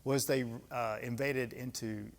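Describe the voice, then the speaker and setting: A man's voice: medium pitch, fairly even intonation, a little slow, slight background noise. A man in his fifties from the United States, a retired senior Army leader giving a lecture and answering audience questions in a blunt, conversational, emphatic way with folksy asides. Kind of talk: candid lecture Q&A storytelling. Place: club lecture hall. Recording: long hall reverb.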